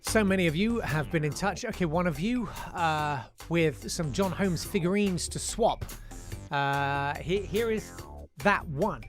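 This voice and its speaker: A man's voice: fairly high pitch, unhurried, faint music behind. Chatty male live-stream host. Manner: chatty, self-deprecating, with many fillers. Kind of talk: casual live-stream chat show.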